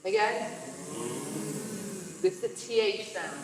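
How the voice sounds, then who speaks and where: A woman leading a choral workshop, guiding a group through playful vocal warm-ups with encouragement and sudden leaps in pitch. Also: slow, background noise. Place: large hall with a group. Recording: echoey hall from far off.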